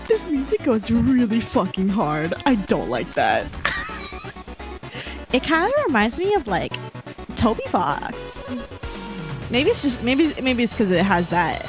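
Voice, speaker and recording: A woman streaming a video game, commenting excitedly, laughing and swearing, and reading the game's dialogue aloud. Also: on the high side, a little slow, long pauses. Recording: loud game music behind.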